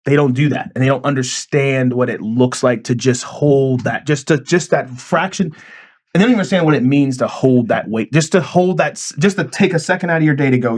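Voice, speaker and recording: A man's voice: medium pitch, a little fast, a little mellow. A man hosting a podcast, talking in a profane, emphatic way and acting out quoted lines as he tells a story. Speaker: podcast host. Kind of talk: casual podcast chat.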